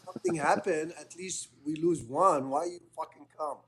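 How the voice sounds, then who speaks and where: A man's voice: fairly high pitch, moderate pace, a crowd in the background. Blunt profane man, English. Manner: blunt, profane, non-native grammar. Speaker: former military interpreter, guest. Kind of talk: casual storytelling.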